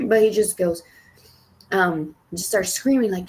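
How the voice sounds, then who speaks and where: A woman's voice: fairly low pitch, a little slow, long pauses. A young woman telling a personal story on a podcast, rambling with many fillers and restarts and casual swearing. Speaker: podcast co-host.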